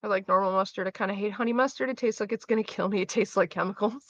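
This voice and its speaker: A woman's voice: mid-range voice, very fast, dry recording. A young woman streaming and reading her chat, rambling, swearing freely and trailing off mid-sentence. The sound is a little dull and lo-fi. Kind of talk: casual chat with a live audience. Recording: slightly dull lo-fi mic.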